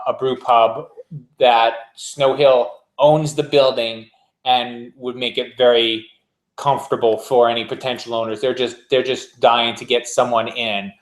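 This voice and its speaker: A man, co-hosting a casual beer podcast, chatty and rambling, laughing often. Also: mid-range voice. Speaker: podcast co-host. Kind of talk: casual chat. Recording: echoey room.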